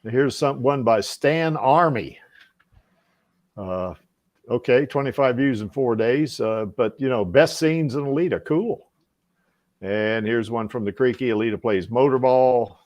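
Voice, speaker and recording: A man's voice: mid-range voice, measured pace, darkish tone. A man hosts a casual livestream show, rambling through his notes with plenty of fillers. He laughs often and speaks in an ordinary mid-range voice. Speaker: podcast host.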